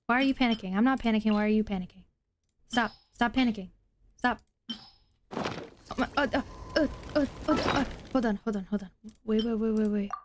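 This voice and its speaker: A young woman streaming a game, chatting excitedly to viewers and repeating herself when flustered. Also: on the high side, a little fast, pauses often, noisy background. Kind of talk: casual gaming stream chat.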